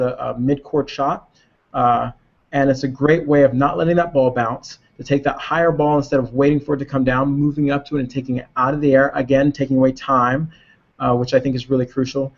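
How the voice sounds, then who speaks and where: A man who coaches tennis, explaining drills in a casual webinar discussion and pausing to find his words. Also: mid-range voice, steady tone. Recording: muffled lo-fi webinar audio.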